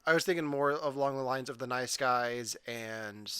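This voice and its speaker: A man's voice: mid-range voice, moderate pace, pushed and bright, clear, resonant tone, no echo. A man hosting a casual podcast chat, leading the talk and asking his co-hosts questions. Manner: leads the talk, asks questions. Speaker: podcast host.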